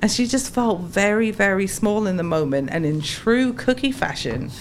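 A woman from England with a South London accent, a podcast guest telling animated stories in casual chat, often laughing. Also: mid-range voice, normal speed, slight background noise. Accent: South London English. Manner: animated storytelling with frequent laughter.

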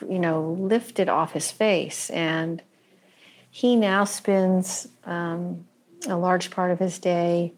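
A woman co-host speaks slowly in a reflective conversation. Her voice is a little low. She pauses often and searches for words, which gives her talk a thoughtful, careful feel. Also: fairly even intonation, darkish tone. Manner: thoughtful, hesitant, many pauses and fillers.

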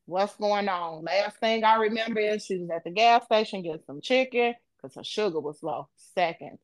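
A woman's voice: mid-range voice, normal speed, no echo. Woman telling a gripping personal story. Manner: emotional, vivid retelling with profanity. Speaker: podcast co-host.

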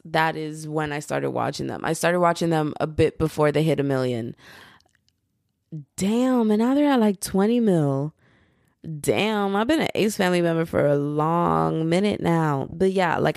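Low-voiced young woman, rambling podcast chat. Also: gravelly, darkish tone, no echo, clean studio sound. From United States. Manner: rambling, slangy, chatty, laughs easily. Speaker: podcast host. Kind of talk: casual solo podcast chat.

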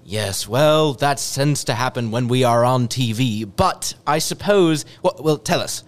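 A man's voice: medium pitch, lively intonation, unhurried, close to an everyday voice. A man voicing a fussy British TV commercial presenter with a put-on British accent, in a theatrical improvised mock commercial. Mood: pompous.

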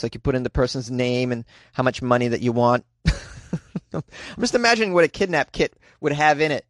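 With no echo on the recording, a male host riffs through comedic news commentary. Sarcastic and lively, he laughs a lot and switches to a squeaky high voice for his jokes.

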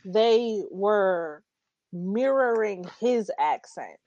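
A woman's voice: mid-range voice, lively intonation, drawn-out words, a little mellow, no room sound, dull audio. A woman on a podcast, explaining points in casual chat and joking along with the others.

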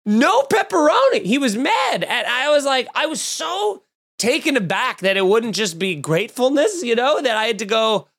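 A man's voice: very high-pitched, very animated, moderate pace, vocal fry, a bit bright. A man chatting on his comedy podcast. He rambles through stories and pokes fun at himself with a loose, offhand delivery. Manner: rambling, self-mocking storyteller. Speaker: podcast host.

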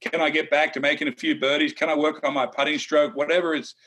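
A man's voice: fairly high pitch, level tone, quick pace, a bit bright. A middle-aged man, a former tour player, co-hosting a casual golf betting chat, blunt and opinionated with some teasing.

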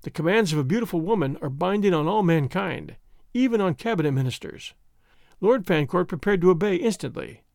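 A man narrating a classic novel as an expressive audiobook reading. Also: high voice, brisk, creaky, no room sound, studio quality. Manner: expressive storytelling.

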